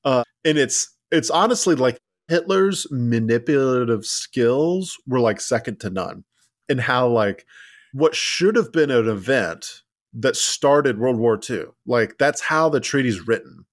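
A man's voice: medium pitch, expressive, a little slow, dry recording, clean studio sound. A man co-hosting a casual history podcast, rambling with many fillers and restarts. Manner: rambling, lots of "like" and restarts, laughs at ironies. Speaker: podcast co-host.

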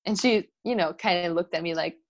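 A mother of a toddler in casual conversation, telling a story in an animated way and acting out the voices she quotes. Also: fairly low pitch, brisk.

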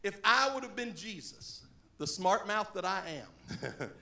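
A middle-aged man, a pastor telling a story from the pulpit in a folksy, animated way, laughing often and shouting at times. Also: sits high, measured pace, vocal fry, roomy sound. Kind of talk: storytelling sermon. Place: church sanctuary.

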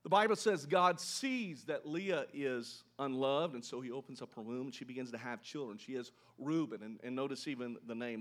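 A man preaching a sermon, telling a scripture story with animated delivery and asking his listeners questions. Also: medium pitch, normal speed. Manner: animated storytelling, voices quoted characters, asks the congregation questions. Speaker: pastor.

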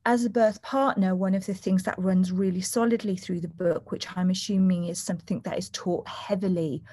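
Woman, doula guest on an interview podcast; earnest, explanatory, slips into voicing the people in her stories, mid-pitched everyday voice. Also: fairly even intonation, fairly quick, mellow. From United Kingdom. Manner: earnest, acts out quoted voices while telling stories.

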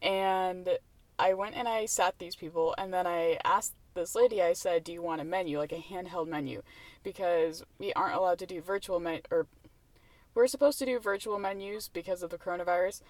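A woman's voice: on the low side, moderate pace, darkish tone, no echo. Young woman host, chatty and rambly, laughs a lot, dry close sound inside a car. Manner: chatty, rambling, laughs often, many fillers. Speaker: podcast host. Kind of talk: casual chat.

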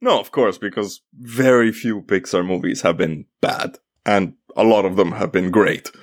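A man's voice: low voice, moderate pace, no echo, clean studio sound. A man from Italy co-hosting a podcast, chatting casually, rambling and sidetracked, with lots of fillers. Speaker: podcast co-host.

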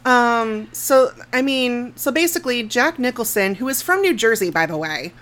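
A woman's voice: fairly high pitch, animated, normal speed, fairly bright tone. Sweary, laughing woman podcaster. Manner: frank and sweary, laughs often, trails off mid-sentence. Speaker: podcast co-host. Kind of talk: casual movie review chat.

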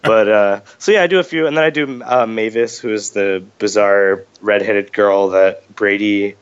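A man's voice: fairly low pitch, moderate pace, clean tone, muffled recording. A man being interviewed as a voice actor guest, chatting casually with lots of fillers and restarts, a little under the weather with a cold. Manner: chatty, self-deprecating, many fillers and restarts.

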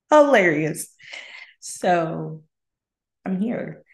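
Recording in her apartment, where the room lends a roomy echo, a podcast host shares her faith journey in a casual, candid, reflective monologue. Her lowish, gravelly voice has lively intonation, and she talks extremely slowly with frequent pauses, laughing between thoughts.

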